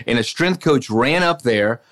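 A man, a sports reporter, telling college football anecdotes in a casual, animated way, with frequent restarts. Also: medium pitch, unhurried. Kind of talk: casual storytelling on a podcast.

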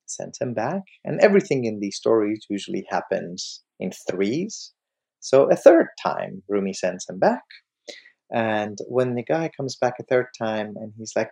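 Slow, gravelly male storyteller. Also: on the low side. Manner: animated storyteller, acts out scenes. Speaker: lecturer on mystic poetry. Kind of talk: storytelling lecture.

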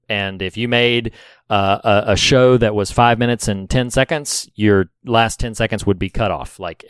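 A man co-hosting a podcast in casual chat, measured and pausing often with "uh". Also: lowish voice, clear, resonant tone, dry recording. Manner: measured, with many "uh" pauses. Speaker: podcast co-host.

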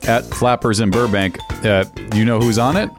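A man's voice: medium pitch, moderate pace, music in the background. A man co-hosting a podcast, reading casual show plugs, chuckling and correcting himself as he goes. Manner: loose, chuckling, self-correcting. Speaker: podcast co-host. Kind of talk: casual plug segment chat.

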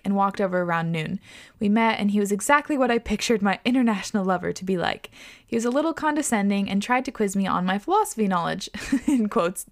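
A woman podcast host reading listener stories aloud and reacting casually, animated and expressive, laughing often and swearing. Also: mid-range voice.

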